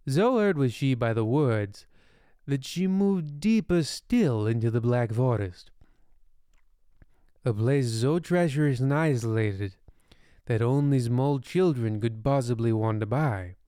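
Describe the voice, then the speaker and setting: A man narrating a comic bedtime story in a deadpan, rambling way with ominous asides. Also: medium pitch, measured pace, clean tone, dry recording, studio quality.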